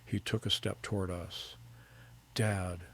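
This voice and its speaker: Low, gravelly middle-aged male narrator. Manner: calm, measured and precise. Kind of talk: first-person story narration.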